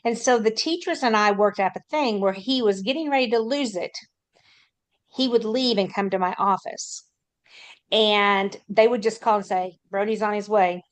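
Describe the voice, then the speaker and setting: A woman's voice: medium pitch, normal speed. A woman who works as a school counselor, telling a matter-of-fact anecdote in a panel talk.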